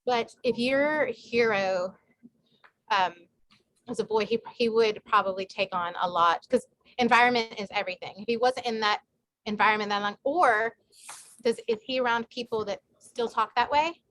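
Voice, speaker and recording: A woman's voice: fairly high pitch, normal speed, fairly bright tone, a little hiss or hum. A woman author answering questions in a casual group chat on a video call, talking with many fillers and restarts. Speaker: guest author. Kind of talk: casual online group talk.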